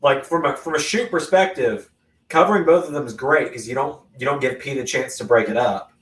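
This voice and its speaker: A man hosting a live watch-along of a wrestling event, reacting with sudden loud exclamations between casual remarks. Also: mid-range voice, a little fast, recorded from a distance. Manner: excitable, bursts into loud exclamations. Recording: roomy echo, voice off-mic.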